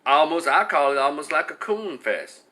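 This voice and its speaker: A man's voice: on the high side, very animated, normal speed, sharp tone. A man giving a heated, blunt and profane opinion rant, talking in an exasperated way. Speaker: commentator.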